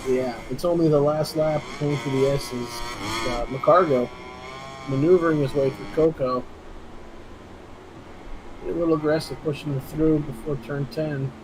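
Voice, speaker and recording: A man doing casual esports race commentary, chatty and quick to laugh, restarting his sentences often. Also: on the high side, steady tone, background noise.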